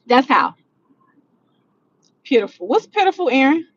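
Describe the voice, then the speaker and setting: A woman with a high voice talks casually to her livestream chat from inside a vehicle. She speaks bluntly and with energy, using plenty of slang and swearing freely. The sound is dull and lo-fi, like phone-streamed audio. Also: expressive, moderate pace, long pauses. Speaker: livestream host answering chat. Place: in a vehicle, driving.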